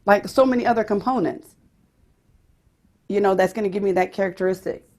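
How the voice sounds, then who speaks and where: A woman's voice: mid-range voice, brisk, a little mellow. Woman, vocal pedagogy teacher, explains and demonstrates voices.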